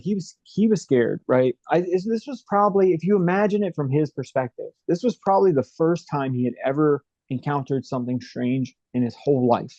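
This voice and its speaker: A man's voice: fairly high pitch, warm tone, no echo, lo-fi sound. A young man as an interview guest, telling a story in a rambling, casual way with many fillers and restarts.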